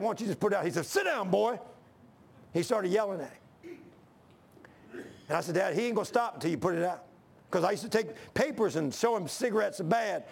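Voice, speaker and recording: A man's voice: high voice, vocal fry, breathy edge. A man preaching a sermon, reading scripture and telling folksy stories.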